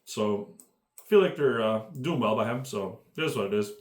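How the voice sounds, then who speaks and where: A man's voice: lowish voice, normal speed, echoey room. A man giving a casual, profane commentary rant, rambling and full of fillers. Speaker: MMA commentary YouTuber.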